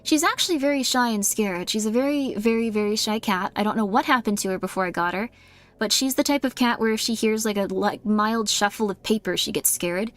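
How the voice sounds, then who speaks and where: A woman's voice: medium pitch, brisk. A woman streamer chatting casually with her viewers in a rambling way, with many fillers and frequent laughs.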